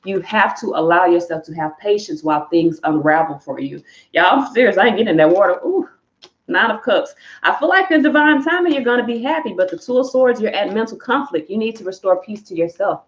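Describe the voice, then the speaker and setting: A woman's voice: mid-range voice, lively intonation, brisk, echoey room, lo-fi sound. Blunt, profane woman giving a tarot reading. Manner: candid, profane, emphatic, addresses viewers as y'all. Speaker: tarot reader. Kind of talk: live collective tarot reading.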